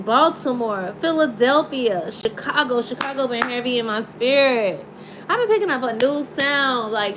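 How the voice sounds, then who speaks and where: A high-voiced woman talks through a casual tarot reading. She is animated and playful, breaking into laughs and half-singing lines. A faint hiss of noise sits under her voice. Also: poor audio. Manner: animated, laughing, sings along. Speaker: tarot reader.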